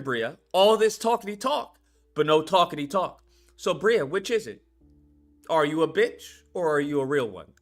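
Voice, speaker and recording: A man's voice: high voice, sharp tone. A man hosting a live stream, ranting in a heated, mocking and profane way, taunting a viewer to call in.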